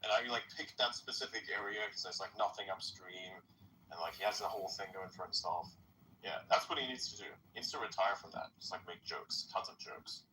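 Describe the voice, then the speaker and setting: A man in a casual group audio chat who talks fast and rambles, with "like" in nearly every sentence. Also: sits low, fairly even intonation, pushed and bright, recorded from a distance, a little hiss or hum, low-quality recording. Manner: fast, rambling, heavy use of "like". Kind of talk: casual banter.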